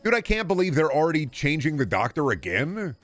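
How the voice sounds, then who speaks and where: A man's voice: on the high side, sing-song, a little fast, a bit bright. A man chatting casually and swearing freely as he streams a game, rambling from one joke to the next. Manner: rambling, profane, jokey.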